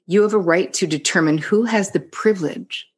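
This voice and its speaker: A woman's voice: lowish voice, normal speed, slightly rough. A middle-aged woman, a therapist guest on a podcast, talking frankly and bluntly in casual chat, swearing freely and often restarting her words. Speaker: psychotherapist guest.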